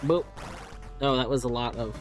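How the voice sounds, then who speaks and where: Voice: mid-range voice, normal speed, music in the background. A streamer chatting through a live game session, narrating every move and letting out sudden yelps when things go wrong. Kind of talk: live gameplay commentary.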